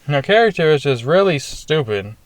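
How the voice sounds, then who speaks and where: A man's voice: on the high side, big pitch swings, brisk, no room sound. A young man giving a casual, ranting and profane movie review, full of fillers like "like" and "you know". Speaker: film reviewer.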